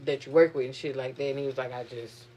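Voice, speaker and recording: A woman's voice: extremely low pitch, fast talker. Profane, exasperated young woman venting. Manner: profane, animated, exasperated storytelling. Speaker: vlogger. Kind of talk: casual venting monologue.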